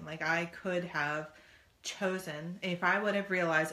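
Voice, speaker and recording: A middle-aged woman with a notably low voice, talking earnestly like a coach in casual conversation. Her voice carries a roomy echo. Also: steady tone, a little slow, bright, forceful tone. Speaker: podcast co-host.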